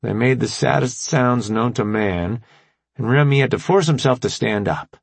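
A man narrating an audiobook with steady, lively storytelling. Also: mid-range voice, moderate pace, creaky, no room sound. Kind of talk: scripted narration.

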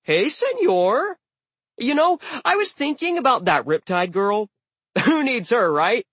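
A man voicing an excitable, chatty male talking sword in an audiobook, breezy and amiable. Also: extremely high pitch, takes it slowly, slightly rough, no room sound, voice pushed up, exaggerated voice. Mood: excited chatter.

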